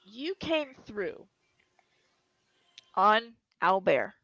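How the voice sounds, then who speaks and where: A woman's voice: mid-range voice, sing-song, very slow, pushed and bright, no room sound. A woman running a tabletop game as game master, narrating descriptively with fillers and restarts. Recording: dull, lo-fi dry recording.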